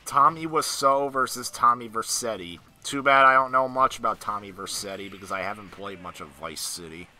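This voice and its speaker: A man's voice: on the low side, brisk, hardly any pauses, bright, forceful tone, soft background music. A young man chatting casually, teasing his friend and laughing easily. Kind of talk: casual chat.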